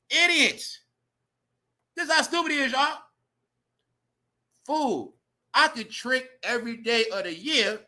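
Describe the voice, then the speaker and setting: Guy ranting on his stream, loud and cussing, bright pushy voice. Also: very high-pitched. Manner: loud, profane, animated, talks straight to the chat. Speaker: livestream host. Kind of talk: ranting celebrity gossip commentary.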